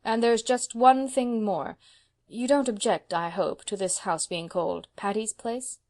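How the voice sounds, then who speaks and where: A woman voicing a proud, brisk spinster of seventy, speaking emphatically and sternly. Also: medium pitch, darkish tone, voice pushed up, natural voice.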